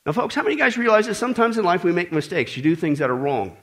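Animated high-voiced male preacher. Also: very fast. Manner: animated, joking asides to the congregation, emphatic repetition. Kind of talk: sermon.

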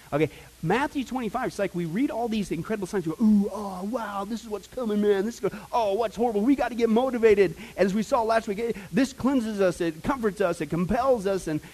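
Middle-aged male preacher with a high voice, chatty and excitable from the pulpit. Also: low-quality recording. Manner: energetic, conversational, swings from quiet asides to loud emphasis. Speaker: pastor. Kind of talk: sermon. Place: church sanctuary.

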